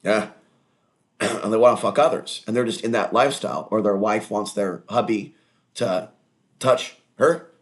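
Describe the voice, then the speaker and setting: A man's voice: on the low side, moderate pace. A man hosting his own online talk show in a rambling, crude, digressive monologue with mocking asides.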